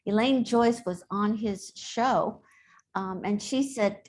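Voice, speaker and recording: A woman's voice: medium pitch, a little slow, darkish tone. A middle-aged woman speaking as an interview guest, chatty and telling stories with frequent laughs. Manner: chatty, storytelling, laughs often. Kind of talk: casual interview talk.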